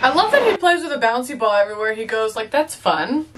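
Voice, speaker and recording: High, lively young woman reacting to a film. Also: fast talker, distant mic, heavy background noise. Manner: chatty, playful, jokey asides. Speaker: movie reaction host. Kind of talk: casual reaction commentary.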